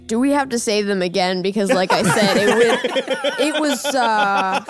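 A woman playing a tabletop game in a dry, deliberate way. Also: mid-range voice, over music. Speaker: player. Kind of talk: casual tabletop play.

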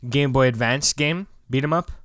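A man's voice: mid-range voice, moderate pace, fairly bright tone, no room sound. A young man co-hosting a casual podcast, talking loosely with lots of fillers and some swearing. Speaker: podcast co-host. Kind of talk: casual chat.

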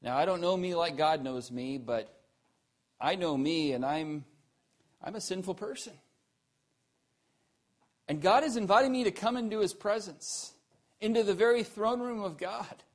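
Male preacher, high voice, earnest sermon, emphatic peaks then quiet drops. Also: measured pace, pauses often. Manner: earnest, asks the listeners questions.

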